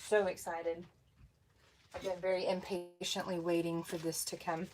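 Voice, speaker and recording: A woman's voice: on the low side, level tone, normal speed, a little mellow, slight background noise. Bubbly woman greeting viewers. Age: 40s. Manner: bubbly, greets viewers by name, laughs often. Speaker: craft livestream host. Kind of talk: casual livestream chat.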